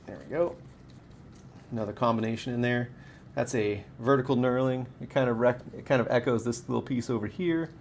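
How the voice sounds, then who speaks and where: A man's voice: mid-range voice, brisk, slight background noise. A man hosting a live stream from his workshop, showing off lightsaber parts in a rambling, chatty way that corrects itself as he goes. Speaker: saber parts maker and stream host. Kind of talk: casual live stream product showcase. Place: home workshop studio with camera and key light.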